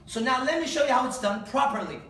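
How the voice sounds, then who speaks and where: A man's voice: very high voice, fast, distant mic. Profane man lecturing in an echoey hall. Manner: profane, animated, acts out voices. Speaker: seminar speaker. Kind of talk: conference talk. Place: large conference hall.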